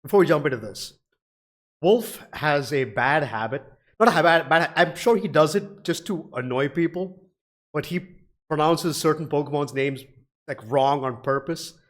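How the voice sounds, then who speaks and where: A man's voice: fairly high pitch, moderate pace. A man hosting a reaction video, talking casually with lots of fillers and the odd curse. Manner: rambling, swears casually, frequent fillers.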